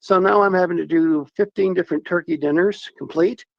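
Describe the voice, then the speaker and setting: A man's voice: sits high, a little fast, vocal fry, no room sound. A man calling in to a talk radio show from his mountain home, telling rambling, joking stories. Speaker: caller. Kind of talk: casual phone-in chat. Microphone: telephone. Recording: muffled phone line.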